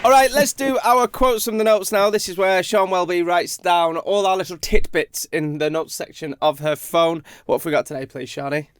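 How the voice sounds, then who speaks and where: A man's voice: sits high, normal speed, few pauses, smooth, no echo. A man co-hosting a podcast, chatting casually and telling rambling stories. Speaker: co-host.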